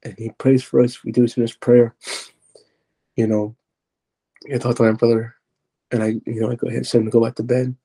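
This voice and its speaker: A young man recounts his testimony on a podcast, his voice very dark and gravelly with a husky edge. He talks haltingly, breaking off and restarting as he gropes for the right words. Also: medium pitch, level tone. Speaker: podcast guest. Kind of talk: personal testimony.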